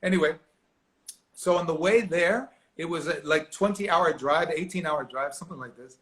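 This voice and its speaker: Animated man telling a story. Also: on the high side, moderate pace. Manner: animated, acts out quoted voices, laughs often. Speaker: actor guest. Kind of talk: storytelling interview.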